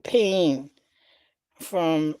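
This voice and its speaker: Slow, thoughtful woman host. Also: low-pitched, mellow, no room sound. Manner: hesitant, thoughtful. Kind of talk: candid conversation.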